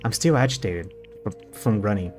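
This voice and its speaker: A man's voice: fairly low pitch, moderate pace, a little mellow, soft background music, close to an everyday voice. A man reading the lines of an agitated young female cheerleader in a story game, flustered and stumbling over words.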